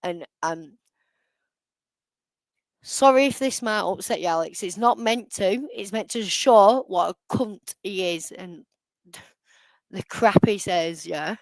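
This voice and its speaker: A woman's voice: medium pitch, slow pace, pauses often, dry recording, rough recording. A woman on a live stream, ranting angrily and swearing heavily as she reacts to a clip. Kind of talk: angry live-stream rant.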